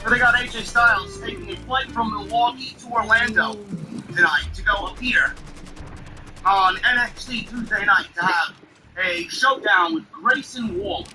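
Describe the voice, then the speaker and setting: At normal speed, a man whose voice sits high rants about wrestling with plenty of sarcasm, exasperation and profanity. Poor audio captures him off-mic with music behind.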